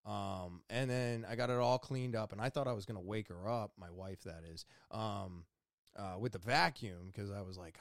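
A young adult man casually retelling his morning in an animated, exasperated way, voicing his own thoughts as he goes. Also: on the low side, moderate pace, no echo, studio quality. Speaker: vlogger. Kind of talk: casual storytelling to camera.

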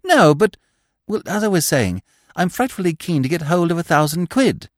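A man voicing a scatterbrained, plaintive young gentleman who talks in a hurried, breathless, exclamatory way, in an audiobook reading. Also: fairly high pitch, very animated, no echo, clean studio sound, pitched above the performer's own voice. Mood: flustered.

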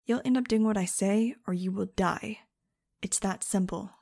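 A woman's voice: medium pitch, normal speed, creaky, mellow. A woman voicing a cold, controlling female director who is also the hero's mother, speaking in a clipped, dismissive way. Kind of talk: audiobook character voice.

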